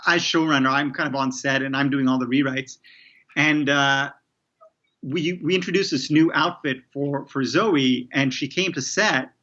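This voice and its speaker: A man's voice: medium pitch, steady tone, moderate pace, sharp tone. Rambling man, muffled lo-fi audio. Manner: rambling, many restarts and fillers. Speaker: TV showrunner guest. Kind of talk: casual interview conversation.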